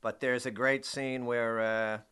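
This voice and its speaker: A man chatting as a podcast guest, animated, acting out quoted lines now and then. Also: mid-range voice, measured pace, clear, resonant tone. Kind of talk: casual chat.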